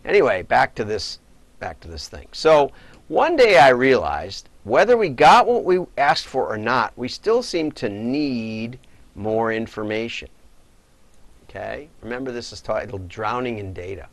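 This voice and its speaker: A man's voice: medium pitch, very animated, a little slow, no room sound. A middle-aged man, a data marketing consultant, casually telling rambling stories on a livestream, chuckling and correcting himself as he goes.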